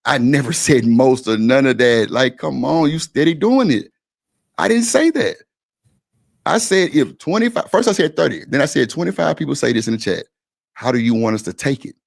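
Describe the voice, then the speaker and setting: Guy with a gravelly voice going off on a stream, blunt and repetitive, cussing a lot. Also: mid-range voice, expressive, normal speed. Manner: blunt, insistent, repeats himself, swears freely. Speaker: stream panel host. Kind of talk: heated argument on a live stream.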